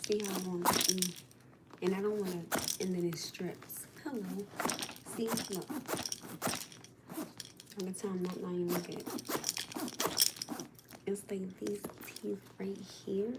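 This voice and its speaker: A woman's voice: medium pitch, fairly even intonation, slow pace, pauses often, very noisy. A woman casually chatting to viewers on a livestream, talking in an exasperated, chatty way to the people watching.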